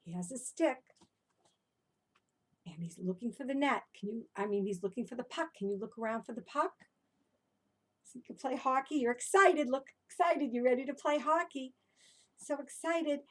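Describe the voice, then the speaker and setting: A woman reading her own animal rhymes to young children, animated and encouraging, often stopping to ask the listener questions. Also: sits high, normal speed, long pauses. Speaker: children's storyteller. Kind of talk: interactive storytelling for children.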